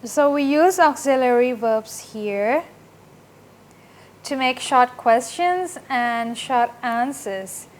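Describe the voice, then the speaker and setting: A woman with a high voice teaches an English grammar lesson, explaining slowly and frequently checking in with "right?"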